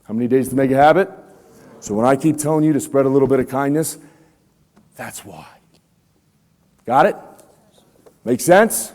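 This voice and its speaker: Slangy motivational speaker in a reverberant hall. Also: male voice, mid-range voice, quick pace, darkish tone. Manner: casual slangy, quizzes the audience. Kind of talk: motivational talk to students. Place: school room with students.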